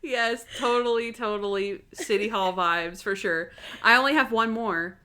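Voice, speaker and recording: A young woman co-hosting a podcast, casually retelling TV scenes with quick acted-out quotes and frequent laughter. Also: fairly high pitch, bright, forceful tone, clear, resonant tone. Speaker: podcast co-host. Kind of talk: casual chat.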